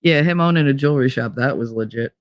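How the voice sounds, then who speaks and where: A middle-aged woman from Hoboken, telling personal stories in a blunt, profane, animated way as a podcast host. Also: a bass voice, fast talker, no room sound. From Hoboken, New Jersey. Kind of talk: casual storytelling.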